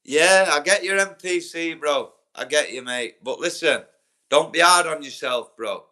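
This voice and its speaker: Brief: young Yorkshire man, livestream host, blunt and profane, bright forceful tone. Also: fairly high pitch, measured pace. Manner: blunt, sweary, talks straight to chat viewers by name. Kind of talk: casual livestream chat.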